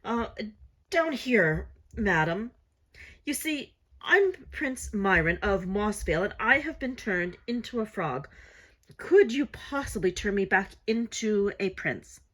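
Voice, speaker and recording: A pompous little frog prince, as a woman puts him on for a storybook. He pleads in a prim, genteel way, and his voice sounds husky. His tone swings widely from high to low. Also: very animated, slow pace, fairly bright tone, heavily acted. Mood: pleading. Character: pompous frog prince, young man, self-pitying.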